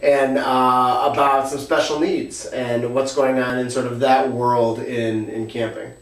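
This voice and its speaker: A man hosting a podcast who tells a story casually, halting often with filler sounds. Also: medium pitch, flat delivery. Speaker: podcast host. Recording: roomy, distant from the mic.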